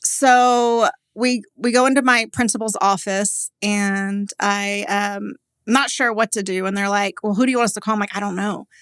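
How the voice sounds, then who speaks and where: Podcast guest: woman in her forties from Texas, mid-pitched, candid storyteller, chatty fillers, dry close sound. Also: steady tone, a bit bright, clean tone, no room sound. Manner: candid and conversational, many "like" fillers, quick laughs. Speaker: guest, business owner. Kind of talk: personal storytelling in a podcast interview.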